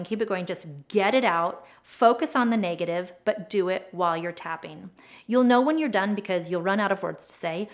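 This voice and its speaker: A young adult woman explaining a tapping technique as an educator, speaking gently and slowing down to stress key words. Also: mid-range voice. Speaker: trauma educator and advocate. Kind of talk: instructional explainer video.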